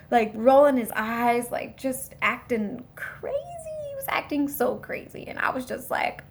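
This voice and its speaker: A young woman tells a story straight to her phone camera with a high, bright voice. She is animated and indignant, and she acts out what each person in the story said. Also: unhurried. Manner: animated, indignant retelling with quoted dialogue. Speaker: vlogger. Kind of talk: storytime vlog.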